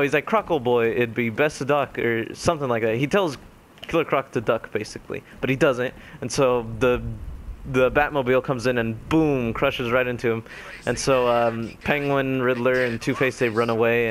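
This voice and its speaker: Rambling young man recapping a game. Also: medium pitch. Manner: rambling, filler-heavy retelling with quick quoted voices. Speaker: gaming commentator. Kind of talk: casual spoken game recap.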